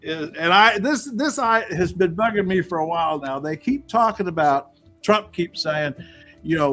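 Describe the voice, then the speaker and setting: A man in his sixties hosting a casual interview, chatty and quick to laugh. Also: a little high, animated, a bit bright, faint music behind. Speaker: host.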